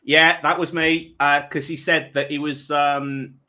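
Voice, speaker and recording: A man's voice: on the high side, level tone, unhurried, pushed and bright. A man hosting a charity livestream, telling a long prank story with chuckles and rambling asides. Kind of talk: casual chat, telling an anecdote.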